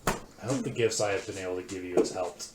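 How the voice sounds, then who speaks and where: Figure: formal temple priestess voiced by a man. Tone: measured. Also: deep voice, fairly even intonation, natural voice. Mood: solemn. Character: calm female temple priestess, wise and kind. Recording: echoey room with loud noise.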